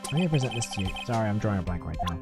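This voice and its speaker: Deep-voiced woman streaming a game. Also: lively intonation, very fast, over loud music. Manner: chatty, self-deprecating asides. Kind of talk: game stream read-through.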